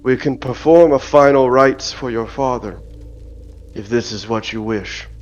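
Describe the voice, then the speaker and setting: A man voicing a hushed, grave wildling elder. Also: mid-range voice, unhurried, lightly acted. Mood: solemn. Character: solemn male wildling elder, grieving. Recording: dull lo-fi audio with faint music.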